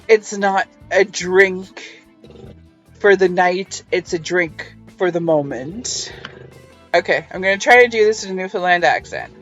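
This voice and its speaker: A woman's voice: fairly low pitch, highs cut off. A woman hosting a casual book review, musing over passages with wry, chatty asides. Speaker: book reviewer and podcast host.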